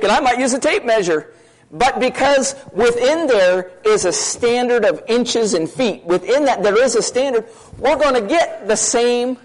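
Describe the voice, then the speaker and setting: High-voiced man preaching fast. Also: rough recording. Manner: fast, questioning, conversational preaching. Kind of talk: sermon to a congregation.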